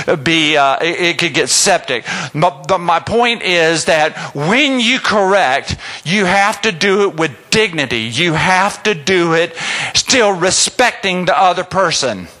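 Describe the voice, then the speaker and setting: A middle-aged man telling a humorous personal story to an audience, animated and self-mocking, chatting with the crowd. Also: high-pitched.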